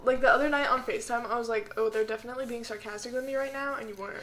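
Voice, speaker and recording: A woman's voice: a little high, steady tone, very fast, fairly bright tone. A young woman co-hosting a podcast, chatting casually, giggly and a little hesitant. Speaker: podcast co-host. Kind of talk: casual chat.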